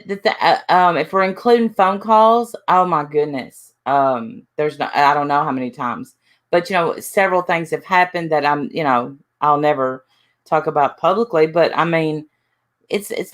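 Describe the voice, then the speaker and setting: Lower-voiced woman chatting on a livestream. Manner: halting, full of restarts, reads chat names. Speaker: livestream host. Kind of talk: casual livestream chat.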